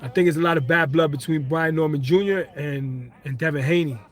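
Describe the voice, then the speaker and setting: Brief: young New male streamer, slangy, laughs a lot, fairly high voice. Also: brisk. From Brooklyn, New York. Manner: excitable, laughs often, slangy, talks to chat. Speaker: livestream host. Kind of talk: casual live stream chat, reading comments.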